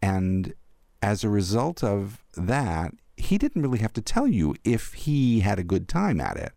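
An older man, an arts critic, recalling theater memories in a thoughtful, animated interview. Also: on the low side, a little slow, gravelly, no room sound, studio quality. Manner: thoughtful, warmly animated storyteller. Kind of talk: reflective storytelling in an interview.

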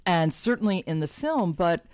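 A woman interviewer with a lowish voice and a lively, varied melody. She asks measured questions, and her voice sounds close and dry with no room echo.

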